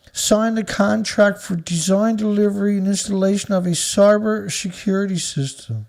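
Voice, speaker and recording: A man's voice: high voice, moderate pace, vocal fry, few pauses, a little mellow. A man hosting an angry, profane commentary show, reading out headlines and then ranting about them with insults. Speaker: news commentary host.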